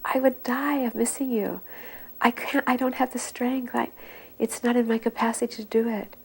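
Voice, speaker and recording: A woman voicing a young male disciple who pleads through tears, high-pitched and slow. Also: steady tone, vocal fry, husky. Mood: tearful pleading. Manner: tearful, begging, high and slow.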